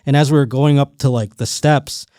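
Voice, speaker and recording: A man hosting a podcast, telling a rambling, animated story in casual chat. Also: medium pitch, moderate pace, dry recording, studio quality. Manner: rambling, animated storytelling with restarts and quoted voices. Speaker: podcast host.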